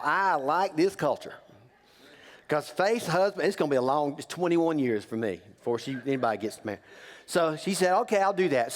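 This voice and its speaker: A man preaching as a pastor, telling a story in a joking, conversational way and teasing the congregation. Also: high-pitched. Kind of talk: humorous sermon storytelling. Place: church sanctuary. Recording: long reverb of a church hall.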